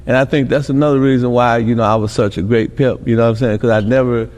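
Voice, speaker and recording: A man's voice: medium pitch, fairly even intonation, quick pace, a little mellow, big-room sound. A middle-aged man from Milwaukee telling rambling stories as a podcast guest, constantly tossing in "you know what I'm saying.". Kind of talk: casual interview storytelling.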